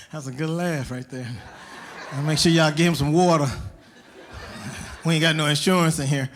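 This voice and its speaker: A male stand-up comedian on stage, talking animatedly, punching up his lines loudly and laughing at his own jokes. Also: fairly high pitch, fairly even intonation, moderate pace, pauses often, slight background noise.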